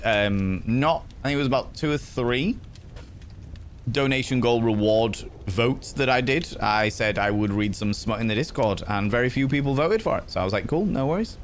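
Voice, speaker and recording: A man's voice: mid-range voice, normal speed, a little hiss or hum. A young man hosting a livestream, chatting casually and greeting viewers by name as he reads their comments aloud. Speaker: livestream host.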